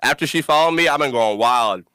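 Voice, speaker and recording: A young man hosts a casual podcast with a bright, forward voice, and he tells his stories in an animated, laughing way. The sound is dry and close, with no room around it. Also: medium pitch, a little fast, clear, resonant tone, no echo. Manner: animated storytelling, laughs often, cusses freely. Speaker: podcast host.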